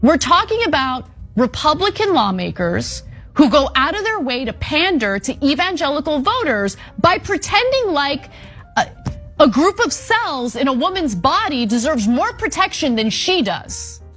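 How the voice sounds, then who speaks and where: Woman making a pointed political argument, high and really animated voice. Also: moderate pace, faint music behind. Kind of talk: political commentary.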